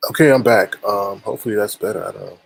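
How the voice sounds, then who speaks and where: A man's voice: on the low side, fast, creaky, a little hiss or hum, low-quality recording. A man hosting a casual livestream, greeting viewers by name, his voice run through a voice modulator. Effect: voice modulator with a swooshing sound. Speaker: livestream host.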